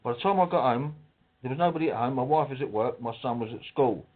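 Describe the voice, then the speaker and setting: A man's voice: medium pitch, fast talker. A middle-aged man, telling his story emotionally with restarts and acting out the exchanges. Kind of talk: casual personal account. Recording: tinny phone line.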